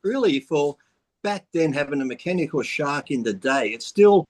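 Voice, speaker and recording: A man with an Australian accent, a guest in a casual podcast chat, animated and crude, swearing freely and laughing often. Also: fairly high pitch, normal speed.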